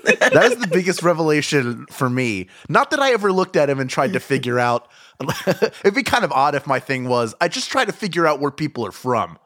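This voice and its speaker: Wry man with a lively voice. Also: a little high, fairly quick. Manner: wry, joking. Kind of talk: casual chat.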